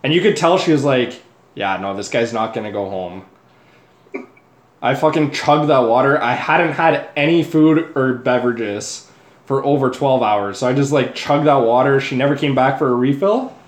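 Young guy cohost, chill storyteller, swears a lot, mid pitch, echoey room. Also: moderate pace. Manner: laid-back storyteller, swears freely, laughs at own story. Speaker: podcast co-host. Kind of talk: casual chat.

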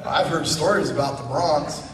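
A man speaks in a church as a guest, spinning a self-mocking story and jumping into the voices of the people in it. His voice sits a bit high for a man. It rings through a large hall with a long tail and reaches the mic from some distance. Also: normal speed, crowd noise. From Idaho. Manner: animated, self-mocking storyteller acting out quotes. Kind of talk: storytelling sermon. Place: church sanctuary.

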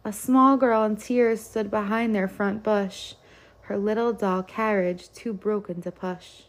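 A woman's voice: mid-range voice, steady tone, unhurried. A woman reading a rhyming children's picture book aloud in a lilting rhythm. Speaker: storyteller.

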